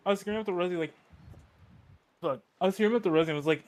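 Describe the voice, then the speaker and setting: Man, tabletop player, fairly high voice, halting, rambling. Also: darkish tone. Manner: rambling, halting, repeats himself. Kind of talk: casual chat at a game table.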